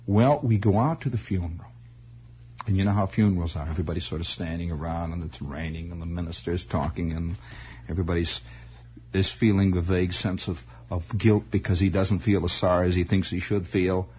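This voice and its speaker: A man telling a personal story in a halting, rambling way, full of restarts and asides. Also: sits low, slightly rough. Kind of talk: spoken storytelling monologue. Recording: dull lo-fi old recording.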